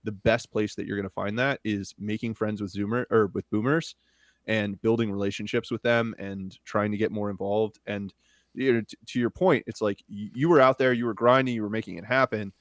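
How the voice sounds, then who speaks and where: Low-voiced man, dry close sound. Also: fairly even intonation, a little fast, no room sound. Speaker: podcast guest. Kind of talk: casual podcast conversation.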